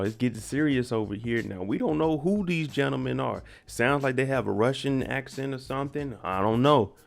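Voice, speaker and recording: A man's voice: lowish voice, gravelly. A man recapping a TV episode in a slangy, conversational way, talking straight to his viewers.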